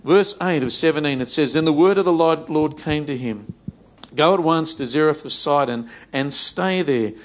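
A man's voice: fairly high pitch, moderate pace. A man preaching a sermon in a conversational way, repeating phrases and acting out imagined prayers.

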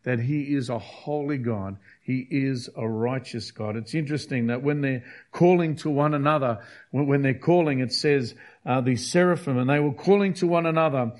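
A man's voice: medium pitch, normal speed. Give me a male preacher delivering an emphatic sermon, repeating key phrases.

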